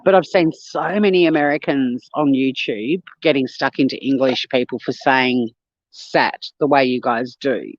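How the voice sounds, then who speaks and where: Reading viewer comments on a casual phone livestream, this Australian host chats away, laughs a lot and swears without restraint. She speaks at a moderate pace in an extremely low voice. There's no room sound, and the highs are cut off.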